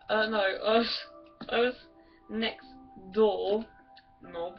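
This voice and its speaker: A woman's voice: medium pitch, steady tone, takes it slowly, creaky, pauses often. A woman rambling crudely and giggling through game commentary. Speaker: gamer. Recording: distant dull mic with music.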